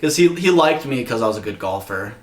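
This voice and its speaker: A young man co-hosting a podcast, telling animated, profanity-filled stories and laughing often. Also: mid-range voice, a little fast. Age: young adult. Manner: animated storytelling, swears a lot, laughs often. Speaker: podcast co-host. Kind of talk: casual chat. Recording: echoey room with faint noise.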